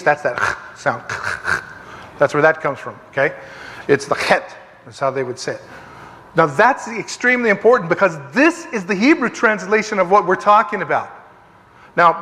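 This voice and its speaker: A man's voice: sits high, pushed and bright. A man leading a conversational Bible study, emphatic and digressive, repeating phrases for stress. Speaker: Bible teacher. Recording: long reverb of a hall.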